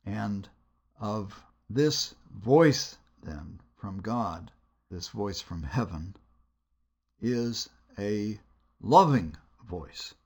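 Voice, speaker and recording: A man giving a teaching lecture on biblical storytelling, measured and deliberate, pausing with hesitations between phrases. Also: on the low side, expressive, darkish tone, slightly rough. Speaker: Bible lecturer.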